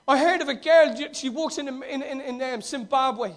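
A man preaching a fervent, storytelling sermon that swings from loud to hushed. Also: very high voice, normal speed, hardly any pauses, a faint crowd, a little hiss or hum.

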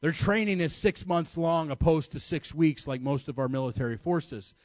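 Man from the US, sermon storytelling, fairly high voice, self-mocking, dry close sound. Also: moderate pace, a little mellow, no echo. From United States. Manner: chatty and self-mocking, laughing at himself, many fillers.

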